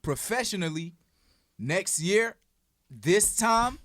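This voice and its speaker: Playful young podcast host. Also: male voice, high-pitched, animated, slow pace, fairly bright tone, no room sound, studio quality. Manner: playful, teasing, slangy. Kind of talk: casual podcast chat.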